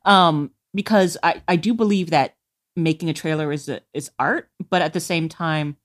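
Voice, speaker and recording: A woman's voice: sits low, moderate pace. A woman co-hosting a casual podcast chat, talking in a rambling, chatty way.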